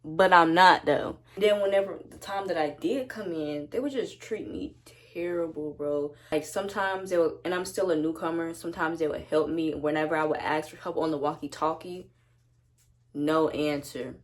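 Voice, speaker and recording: Young woman, low voice, blunt, slangy, swearing, casual storytime vlog, at home. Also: normal speed, darkish tone. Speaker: vlogger. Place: at home with her dog.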